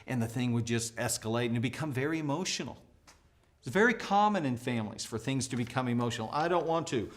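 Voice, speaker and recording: A middle-aged man from the United States teaches a leadership lesson in an energetic, emphatic way. His pitch is middle for a man, and his voice jumps up when he stresses a point or acts out a quoted speaker. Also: quick pace. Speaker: leadership trainer.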